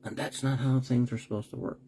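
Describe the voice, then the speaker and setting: A man hosts a live-streamed commentary, talking bluntly with rhetorical questions, sarcastic asides and the occasional swear word when he gets annoyed. His voice is medium-pitched and warm with little pitch movement, a little fast, and there's a little hiss or hum.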